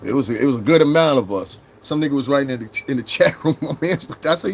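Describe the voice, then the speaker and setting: A man's voice: medium pitch, expressive, fast talker, slight background noise. A man with a New York accent in his thirties, hosting a casual livestream, brash and profane as he talks straight to his chat. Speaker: livestream host.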